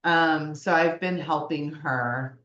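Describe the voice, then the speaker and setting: A woman co-hosting a casual podcast chat, talking through a story with frequent pauses. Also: low voice, fairly bright tone, echoey room, dull audio, slight background noise. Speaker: podcast co-host.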